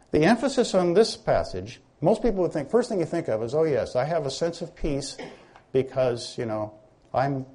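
Preaching a sermon, a man works through his points like a teacher and turns questions back on his listeners. His mellow, slightly husky voice swings up and down in pitch with lots of movement.

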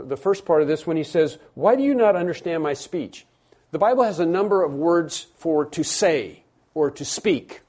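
A man delivers a sermon in a fairly high but mellow voice. He talks plainly to the congregation, often restarting and repeating phrases. He then lands his main points with emphasis. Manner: conversational preaching with repetitions and restarts; rises to emphatic stressed phrases. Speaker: pastor.

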